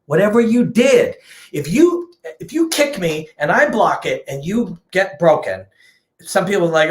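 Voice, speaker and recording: A man's voice: sits high, sing-song, measured pace, reverberant, slight background noise. A man giving a passionate, emphatic unscripted rant as a combat sports host, swearing freely.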